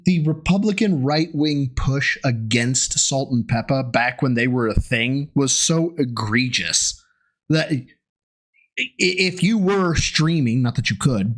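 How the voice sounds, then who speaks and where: A man giving sarcastic, profane reaction commentary, ranting in exasperation. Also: medium pitch. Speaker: co-host mocking a recap video.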